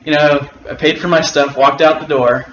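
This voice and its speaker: Man, casual storyteller, wry, unhurried, fairly high voice, echoey room, dull sound. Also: level tone, a bit bright. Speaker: guest storyteller. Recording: roomy, dull and slightly noisy.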